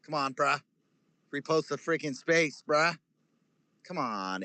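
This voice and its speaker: A man's voice: fairly high pitch, expressive, takes it slowly, pushed and bright, no room sound. A man chatting casually on a live audio space, joking and rambling through stories. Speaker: guest speaker.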